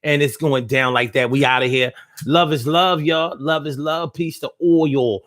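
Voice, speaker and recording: A man's voice: a little high, fairly even intonation, normal speed, fairly bright tone, dry recording, clean studio sound. A man hosting a live show, ranting casually in loose slang with lots of profanity and teasing his listeners directly. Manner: teasing, talks straight to listeners. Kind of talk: casual live-stream talk.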